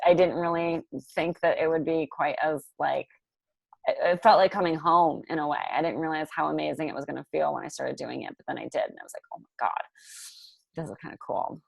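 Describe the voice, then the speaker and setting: Woman coach, casual chat, lower voice, dry close sound, lots of fillers. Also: fast talker, creaky, dry recording. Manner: chatty, laughs often, lots of fillers. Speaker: coach hosting a group call.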